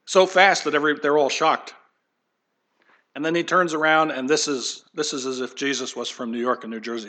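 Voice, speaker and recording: Bright-voiced man preaching a sermon. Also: fairly high pitch, a little fast. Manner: animated, acts out quoted voices; conversational, folksy asides. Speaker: pastor.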